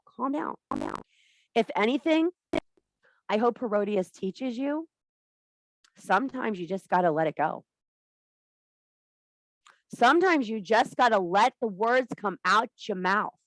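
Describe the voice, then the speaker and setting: A woman's voice: mid-range voice, lively intonation, a little slow, pauses often, fairly bright tone, no room sound. A woman giving an impassioned, blunt and profane talk to a women's circle as a spiritual teacher. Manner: blunt, profane, emphatic preaching.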